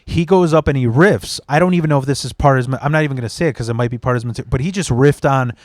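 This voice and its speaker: A man's voice: medium pitch, very fast, darkish tone, dry recording, studio quality. A young man hosting a podcast, telling a story in blunt, profane, casual chat and slipping into mimicry of other people. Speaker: podcast host.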